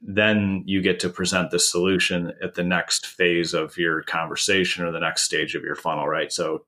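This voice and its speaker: A man's voice: deep voice, flat delivery, normal speed, few pauses, bright, forceful tone. A man from the United States explaining a marketing idea in a conversational podcast, with many restarts. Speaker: marketing consultant.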